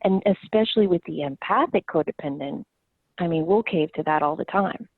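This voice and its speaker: Woman, podcast host, candid storyteller, low voice, phone-like audio, dry. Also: a little fast, husky, no room sound. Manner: candid storyteller, laughs often. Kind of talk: casual conversation. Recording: tinny phone-like line, dry.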